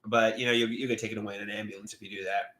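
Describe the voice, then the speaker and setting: A man rambling to camera about loneliness, repeating himself, trailing off and bursting into pleading shouts. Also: lowish voice, flat delivery, racing, noisy background. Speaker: livestreamer.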